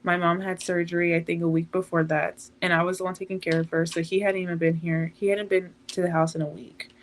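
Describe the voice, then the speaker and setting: An eighteen-year-old woman, a podcast guest, telling a painful personal story in a halting, emotional way. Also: fairly low pitch, little pitch movement, a little hiss or hum.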